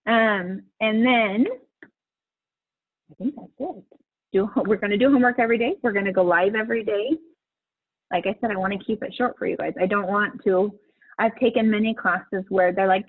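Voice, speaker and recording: A woman's voice: medium pitch, fairly even intonation, a little fast, no room sound. A middle-aged woman hosting a live coaching session, chatty and encouraging, laughing often as she talks to her group. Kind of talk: casual live-stream coaching talk. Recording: husky voice over a tinny phone-like line.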